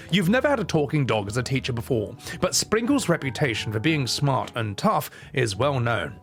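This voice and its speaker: A man's voice: mid-range voice, sing-song, moderate pace, few pauses, soft background music. A man playfully reading a visual novel aloud, adding wry asides as he plays. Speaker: gaming streamer.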